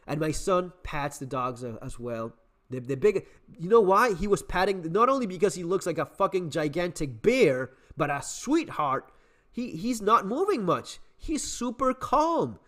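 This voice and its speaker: A middle-aged man recounts a story in a relaxed, swearing monologue. His voice rides fairly high and swings widely in pitch as he stumbles through restarts and repeated words. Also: a little slow. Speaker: survival channel host.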